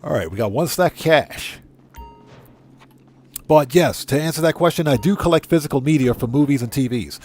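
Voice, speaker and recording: A middle-aged man with a medium-pitched, darkish voice hosts a gaming livestream, chatting casually and rambling, correcting himself as he reads the chat aloud.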